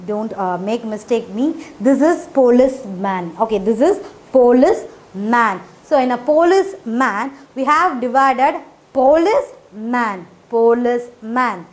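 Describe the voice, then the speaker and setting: A woman's voice: fairly high pitch, lively intonation, unhurried. A woman teaching phonics in a casual explanatory way, with frequent fillers and repeated check-ins, in non-native English grammar.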